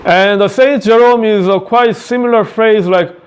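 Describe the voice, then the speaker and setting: A high, smooth-voiced man with a Korean accent teaches a classic play and walks through it line by line. He restates each quote in simple words and often repeats himself to make a point clear. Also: normal speed. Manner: paraphrases quotes in plain words, repeats phrases. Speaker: high school English teacher.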